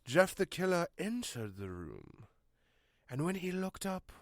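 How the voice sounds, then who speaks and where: A man telling an absurd comic story in a deadpan, mock-dramatic way. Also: sits high, unhurried, dry recording, clean studio sound. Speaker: channel host and storyteller.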